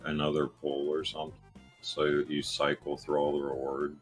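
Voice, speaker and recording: A man's voice: a bass voice, monotone, normal speed, husky, soft background music. A man chatting casually during a game, laid-back and mostly answering in short bits. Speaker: co-player. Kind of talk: casual chat while playing a game.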